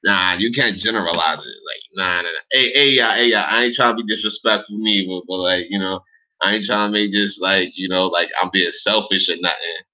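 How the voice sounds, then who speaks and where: A man's voice: deep voice, brisk, bright, forceful tone. A man hosting a casual livestream, rambling and swearing in street slang as he answers his viewer chat. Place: indoors in Los Angeles. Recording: dull lo-fi stream audio.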